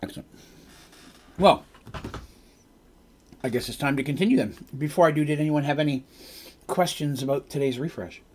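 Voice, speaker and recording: A man's voice: on the high side, normal speed, long pauses, a little mellow, husky. A man narrating a tabletop game as its game master on a live stream, rambling with casual asides and correcting himself as he goes.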